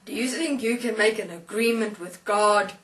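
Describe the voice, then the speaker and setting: A woman voicing a huge, stern angel at heaven's gate who gives loud, booming commands. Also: normal speed, lightly acted. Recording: voice distant from the mic.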